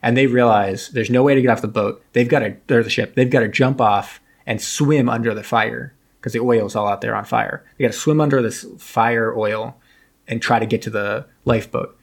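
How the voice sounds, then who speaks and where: A man's voice: medium pitch, steady tone, moderate pace, creaky, slightly rough. A young man co-hosting a podcast, rambling and joking as he retells a movie's plot. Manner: rambling, jokey, acts out characters' lines. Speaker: podcast co-host. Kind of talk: casual chat recapping a movie.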